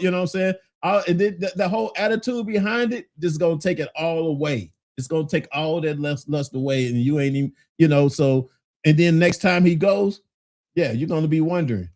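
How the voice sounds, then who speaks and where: A man's voice: medium pitch, fairly quick, a little mellow. Laid-back man chatting to his listeners. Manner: laid-back, conversational, laughs often, repeats "you know what I'm saying". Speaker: talk show host reading listener comments. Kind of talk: casual commentary.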